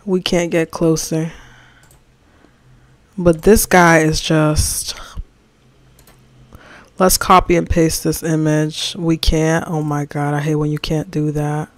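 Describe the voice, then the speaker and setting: Here a livestreamer talks loosely and with lots of energy as he designs, answering messages from chat and ranting about opinions in slang. The mid-range voice keeps a normal speed with few pauses, and there's no room sound.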